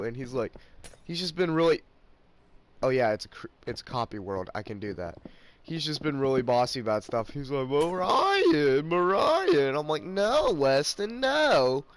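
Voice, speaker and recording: A man's voice: mid-range voice, moderate pace, clean tone. Rambling young man ranting over gameplay. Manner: rambling, ranting, mimics friends in mocking voices. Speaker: gaming channel host. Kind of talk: casual gameplay commentary.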